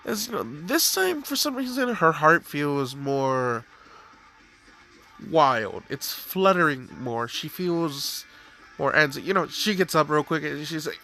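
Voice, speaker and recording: Young guy rambling thru a fan story, kinda high bright voice. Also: expressive, normal speed, soft background music. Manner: rambling, full of "you know" and "like". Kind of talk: improvised story narration.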